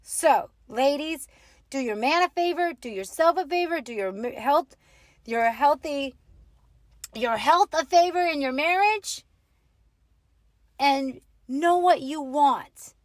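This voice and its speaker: A married woman hosting a casual advice talk, opinionated and animated, acting out little quoted exchanges. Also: sits high, takes it slowly, pauses often, dry recording. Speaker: host.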